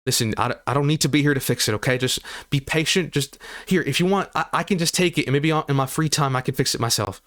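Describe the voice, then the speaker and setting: A man's voice: a little high, quick pace, few pauses, fairly bright tone, no echo, voice pushed up, close to an everyday voice. A man voicing an earnest young man who stammers and hurries as he reassures a friend in a tabletop game. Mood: reassuring.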